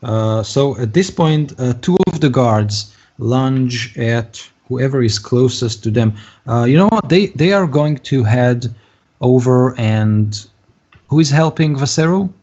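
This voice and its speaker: A man's voice: medium pitch, animated, a little slow, a little mellow. A man running a tabletop game as game master, narrating hesitantly with many fillers. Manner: hesitant, lots of ums and uhs. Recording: dull lo-fi recording.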